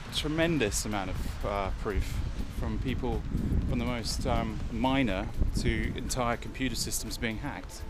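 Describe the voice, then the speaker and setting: Man from England, low voice, rambling and opinionated, walking outdoors on a beach, faint music. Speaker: vlog host. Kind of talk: casual walk-and-talk vlog.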